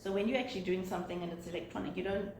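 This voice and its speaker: A woman taking part in a class discussion, talking in quick, chatty bursts. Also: medium pitch, darkish tone. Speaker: class participant. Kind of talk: group discussion. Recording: echoey room with background hiss.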